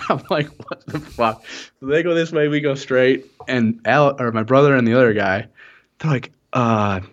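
A man's voice: medium pitch, moderate pace, fairly bright tone, muffled recording. A young man co-hosting a podcast, telling a long story in a rambling, profane, laughing way. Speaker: podcast co-host. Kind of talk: casual storytelling chat.

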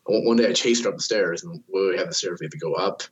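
A man in his thirties with a very low, husky voice chats casually as a podcast host. He swears freely and tells his stories by acting out other people's lines in a raised voice. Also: fast talker. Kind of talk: casual chat.

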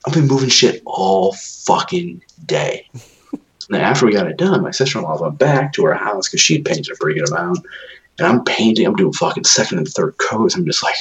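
A young man with a very deep voice, talking casually and cursing freely. He rambles through his story with lots of "like" and restarts. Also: low-quality recording. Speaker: new homeowner. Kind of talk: casual chat.

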